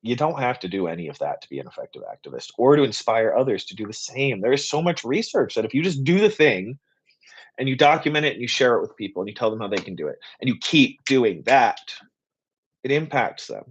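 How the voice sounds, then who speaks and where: A man hosts a live Q and A stream, rushing through his points with passion and rambling as he goes. His voice sits in an ordinary middle pitch. The stream audio is a little dull and lo-fi. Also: big pitch swings, slightly rough. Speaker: political writer and activist host.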